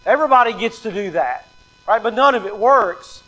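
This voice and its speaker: A man with a notably high voice delivers a sermon from the pulpit. He drives his points home by repeating them and briefly acts out the excuses he describes. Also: expressive, moderate pace, sharp tone, rough recording. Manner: emphatic, repeats key lines, acts out quoted excuses. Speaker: pastor.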